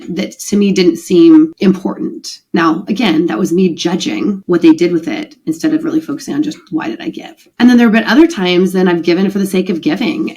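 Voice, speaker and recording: Middle-aged woman, podcast host, solo reflective monologue, earnest and confessional, lower-pitched voice. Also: darkish tone. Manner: earnest, confessional, many fillers like "like" and "I mean".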